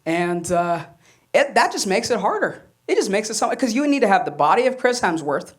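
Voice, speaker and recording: Speaking fairly quickly in a voice that sits high, a young man performs stand-up before a laughing comedy club crowd. His set is animated storytelling, complete with acted-out quotes.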